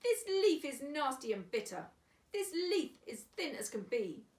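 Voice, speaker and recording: A woman reading aloud, voicing a greedy, bullying male rat highwayman who chants his loud demands. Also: big pitch swings, unhurried, recorded from a distance. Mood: bossy. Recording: echoey room, away from mic.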